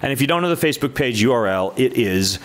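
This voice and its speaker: Joking guy hosting a podcast, upbeat and teasing, average pitch. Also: expressive, quick pace. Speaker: podcast host. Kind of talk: casual podcast intro chat.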